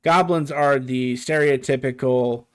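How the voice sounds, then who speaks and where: A man's voice: medium pitch, steady tone, measured pace. A man running a tabletop game as game master, describing the scene while thinking aloud, with frequent fillers and restarts.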